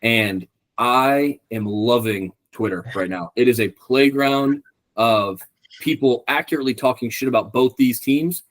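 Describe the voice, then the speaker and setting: A young man co-hosting a podcast in casual chat, rambling with lots of ums and swearing freely. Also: medium pitch. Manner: rambling, profane, many ums. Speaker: podcast co-host.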